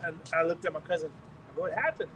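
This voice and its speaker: A male preacher delivers a sermon testimony, telling it as a story and acting out each person he quotes. His voice sits high for a man. He is picked up from well away from the mic, with a faint hiss of noise behind him. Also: fast, distant mic.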